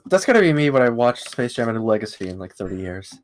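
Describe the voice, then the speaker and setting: A man's voice: medium pitch, very animated, noisy background. A man co-hosting a podcast, riffing jokes in casual chat and laughing often. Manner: giggly, quick riffing jokes. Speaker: podcast co-host.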